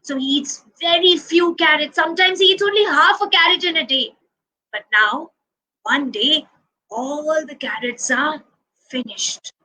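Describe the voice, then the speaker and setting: A woman telling a story to preschool children, animated, asking them questions and acting out the actions. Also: extremely high pitch, low-quality recording.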